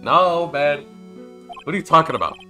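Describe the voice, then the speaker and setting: Young man, game streamer, bright tone, playful rambling commentary with loud bursts. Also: fairly high pitch, expressive, normal speed, soft background music. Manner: chatty, jokey, reads game lines with loud outbursts. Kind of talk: casual let's-play commentary reading dialogue aloud.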